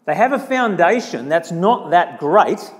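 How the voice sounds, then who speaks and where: A man preaches in a lively, animated way and keeps acting out the people he quotes. His voice sits high for a man, and his tone swings widely between loud and quiet. A long church reverb hangs after his words. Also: a little slow. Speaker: pastor. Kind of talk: sermon.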